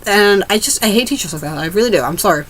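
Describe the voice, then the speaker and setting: A woman's voice: medium pitch, animated, fast, a bit bright, a little hiss or hum, poor audio. A teenage girl ranting to camera in a rambling, casual way, restarting her sentences and swearing freely. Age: teens. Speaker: vlogger.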